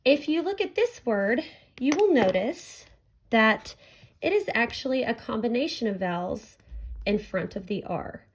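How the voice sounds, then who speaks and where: Woman, teacher, phonics lesson for kids, slow and careful, stretches out sounds, fairly high voice. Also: expressive, a little hiss or hum. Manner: slow, clear, stretching out sounds for young learners. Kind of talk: recorded phonics lesson for children.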